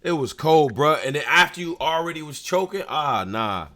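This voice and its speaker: A man co-hosting a casual recap show, talking in an animated, profane, trash-talking way. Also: fairly high pitch, moderate pace. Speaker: podcast co-host.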